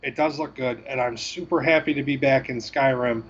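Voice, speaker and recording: A man co-hosting a gaming podcast, talking in a rambling, halting way with self-deprecating asides. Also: mid-range voice, fairly even intonation, slightly rough, muffled recording. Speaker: podcast co-host. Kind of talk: casual chat.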